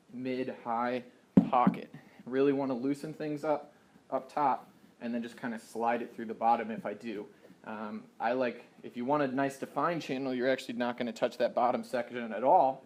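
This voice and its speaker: A young man casually explaining a hands-on stringing job step by step, chatty and relaxed, with self-deprecating asides. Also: mid-range voice. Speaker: lacrosse stringing instructor. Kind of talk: casual how-to tutorial.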